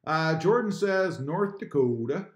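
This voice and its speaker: A man's voice: on the high side, expressive, unhurried. A man from Texas hosting a casual live stream, reading viewer comments aloud. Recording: echoey room.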